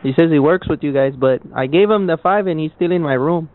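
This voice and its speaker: Crude prank-calling man on a phone line. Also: fast talker. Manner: crude, mocking, high fake-pleading tone. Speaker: prank caller. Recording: tinny phone-line audio.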